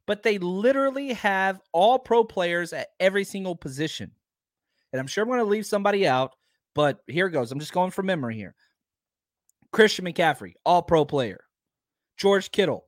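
A man with a slightly raised pitch hosts a casual sports podcast, arguing point after point with emphatic energy. His voice is a touch hoarse from a long day of talking. The sound is dry and close to the mic. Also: dry recording. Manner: animated, emphatic, argumentative. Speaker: podcast host.

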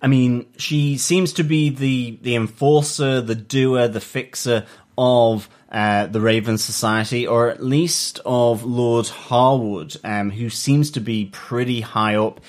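A man co-hosting a podcast, chatting casually about a TV episode and pausing often with ums and uhs. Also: medium pitch, steady tone. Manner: hesitant, many ums and uhs. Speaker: podcast co-host. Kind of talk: casual chat reviewing a TV episode.

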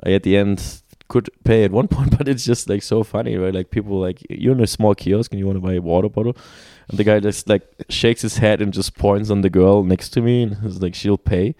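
Deep, dark-voiced man telling travel stories. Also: brisk, hardly any pauses, no echo, studio quality. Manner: animated storyteller with many restarts and laughs. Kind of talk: casual conversation.

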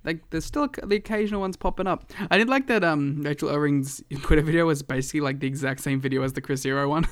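A man with a fairly high voice talks fast while co-hosting a casual wrestling podcast. He rambles with lots of fillers, says "like" constantly and laughs often.

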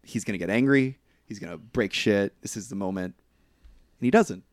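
A man co-hosting a podcast, casually recapping a movie plot with lively quoted lines and frequent laughs. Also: on the low side, normal speed, no room sound. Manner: animated storytelling, quotes characters in put-on voices, laughs often. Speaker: podcast co-host.

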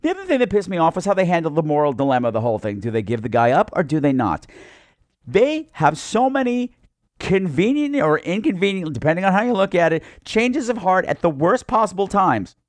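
A podcast host giving a heated, profane, sarcastic movie review. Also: male voice, high voice, sing-song, a little fast, dry recording.

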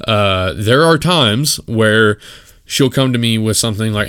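Give me a low-voiced man hosting a solo podcast, emphatic and opinionated, recorded dry and close. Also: animated, unhurried, a bit bright, smooth, no echo. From West Texas. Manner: opinionated and emphatic, full of fillers and restarts. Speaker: podcast host. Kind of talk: casual solo podcast monologue.

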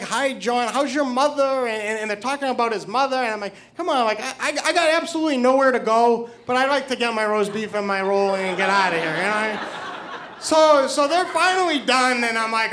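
A middle-aged man telling a live story, excitable, stumbling over repeated words. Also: very high voice. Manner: excited, stammering repetitions.

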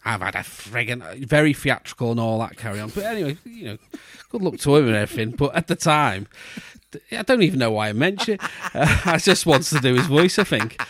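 A man's voice: a little high, big pitch swings, a little fast, fairly bright tone, no room sound. A man hosting a podcast, telling a long rambling anecdote in a casual chat, full of restarts and asides. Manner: rambling anecdotes with restarts, slips into posh put-on voices. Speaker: podcast host.

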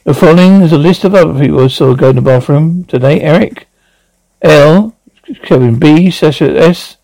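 A man's voice: on the high side, lively intonation, moderate pace, warm tone, low-quality recording. A man hosting a comedy podcast, recapping scenes in a scattered, jokey way and reading out stage cues. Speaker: podcast host. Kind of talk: comic recap acting out scenes.

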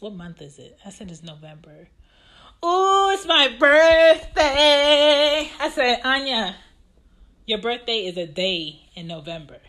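A young woman and mother telling a casual, exasperated story about her child, acting out the quoted lines with big swings in pitch and loudness.

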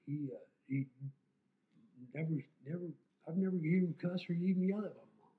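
A man's voice: a little high, moderate pace. A man in his fifties, a podcast guest talking candidly about his life in a blunt, rambling way, swearing freely. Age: 50s. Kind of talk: candid personal conversation. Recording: tinny phone-like sound in an echoey room.

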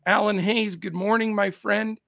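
Middle-aged guy hosting a betting show, raspy gravelly voice, kinda high, dry close mic. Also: little pitch movement, moderate pace, over a noisy crowd. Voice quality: scratchy voice. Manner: upbeat, shouts out chat names. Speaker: show host. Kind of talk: casual sports betting show chat.

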